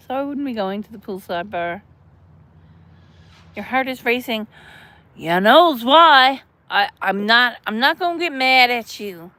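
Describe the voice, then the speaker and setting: Slow-talking, blunt woman streamer. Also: a little high, pushed and bright. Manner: chatty, mothering, blunt with cursing. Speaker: livestream host reading chat. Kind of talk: casual livestream chat.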